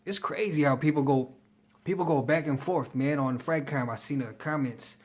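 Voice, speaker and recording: A man's voice: a little high, normal speed, a little mellow. A man giving a casual fragrance review in a slangy, chatty way, hyping the ones he likes. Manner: slangy, chatty, hypes his picks.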